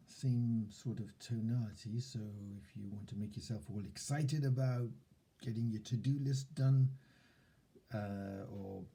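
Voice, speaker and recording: A man giving a relaxed self-help lesson, thoughtfully recapping points and demonstrating tones of voice. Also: on the low side, slightly rough. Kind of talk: relaxed instructional talk.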